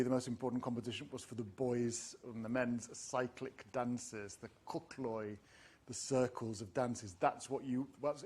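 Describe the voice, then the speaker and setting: In a university lecture, a middle-aged man teaches classics to teachers, rambling a bit with many ums and restarts. His voice is medium-pitched and slightly mellow.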